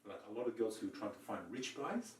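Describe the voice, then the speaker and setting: A man's voice: lowish voice, fast talker. A man on a casual podcast who tells a story with lots of swearing and acts out what each person said. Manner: animated, swearing, acts out quoted lines. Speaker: podcast co-host. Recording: roomy, mic a bit distant.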